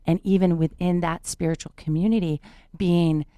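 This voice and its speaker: A woman's voice: on the low side, fairly even intonation, moderate pace, warm tone, clean tone, no echo, studio quality. A woman guest on a podcast interview, earnestly telling a personal story and repeating words for emphasis. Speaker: podcast guest, spiritual teacher.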